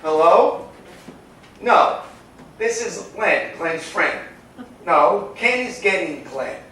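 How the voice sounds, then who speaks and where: An actor playing a loud, sarcastic rich man at a party in a live stage comedy. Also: high-pitched, expressive, takes it slowly, slight background noise, full character voice. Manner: sarcastic, complaining. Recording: echoey stage sound from a distant mic. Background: audience laughter.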